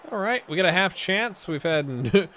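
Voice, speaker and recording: A man's voice: high-pitched, lively intonation, moderate pace, bright, forceful tone. A man hosting a let's-play video, chatting casually and joking to himself while he plays a football management game. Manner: chatty, self-mocking, jokes and muttered asides. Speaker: gaming channel host.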